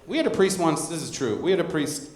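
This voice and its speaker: A man in his thirties doing stand-up on a club stage into a handheld mic, with a high voice that swings up and down a lot as he tells deadpan, crude stories. The room sounds roomy and open, with a faint murmur in the background. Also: quick pace. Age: 30s. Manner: deadpan storytelling with crude asides. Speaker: stand-up comedian. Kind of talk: stand-up comedy set. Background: audience laughter.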